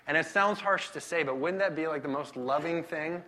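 A pastor delivers a relaxed sermon full of personal stories, poking fun at himself as he goes. His voice is bright and ringing, sitting a little higher than most men's. He talks in a loose, conversational, animated way. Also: brisk, few pauses. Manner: self-deprecating, conversational, animated storytelling.

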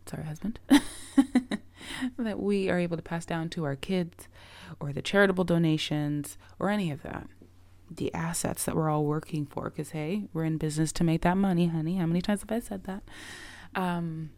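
Low gravelly-voiced woman podcaster, reflective. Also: no echo. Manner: earnest, reflective, often drops to a soft breathy near-whisper. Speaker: podcast host and coach. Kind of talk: reflective solo podcast talk.

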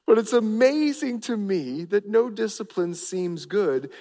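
A middle-aged man preaching a sermon as pastor, animated and acting out family voices. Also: high-pitched, unhurried, vocal fry, hardly any pauses. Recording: long reverb of a large hall.

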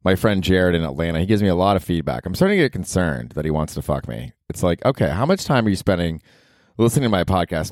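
A male comedian hosting his podcast, rambling casually and profanely, his pitch leaping up for emphasis. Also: darkish tone, no echo, clean studio sound.

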